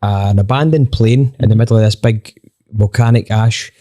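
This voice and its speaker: A Scottish man, a band member on a podcast, telling a lively anecdote with plenty of swearing and acted-out dialogue. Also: on the low side, moderate pace. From Scotland. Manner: animated, swears freely, acts out quoted dialogue. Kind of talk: casual storytelling anecdote.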